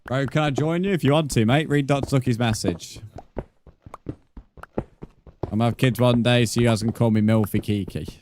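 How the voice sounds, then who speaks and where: A man's voice: mid-range voice, quick pace, background noise. A young man streaming a game, bantering and joking with his chat and laughing often. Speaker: gaming streamer. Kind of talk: live-stream chat while playing.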